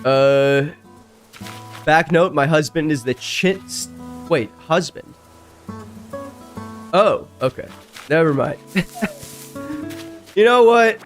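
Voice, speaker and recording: Reading online stories on his stream, a man reacts in a chatty, casual way between lines, his loud outbursts leaping high in pitch. He goes slowly with long pauses, and soft music plays in the background.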